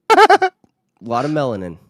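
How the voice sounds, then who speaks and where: Lively, laughing male stream host. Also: medium pitch, slow pace. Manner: joking, laughs often, animated. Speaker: show host. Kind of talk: casual livestream banter.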